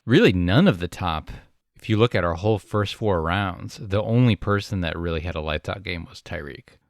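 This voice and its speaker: A man's voice: low-pitched, lively intonation, normal speed, no echo, studio quality. A man co-hosting a casual sports podcast, making wry, teasing remarks and telling a joke. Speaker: podcast co-host. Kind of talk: casual chat.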